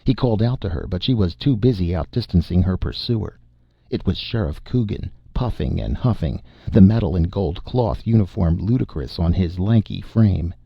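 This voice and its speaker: An audiobook narrator reads a horror story from a script in a very deep, gravelly voice with a husky edge. The recording sounds dull and dry with no echo, like a simple home setup. He reads steadily at a moderate pace, expressive and careful in shaping each scene.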